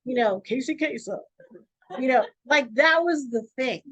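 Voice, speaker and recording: Radio host woman with a high, bright-pitched voice, talks freely and emphatically. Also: a little slow, no echo, dull audio. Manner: emphatic, free-flowing, animated. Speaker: radio host and network owner. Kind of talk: casual interview talk.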